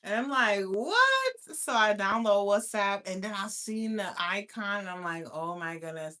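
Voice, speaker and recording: Brash, profane woman in her thirties. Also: deep voice. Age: 30s. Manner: profane, animated, dramatic storytelling. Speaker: vlogger. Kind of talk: casual storytime rant.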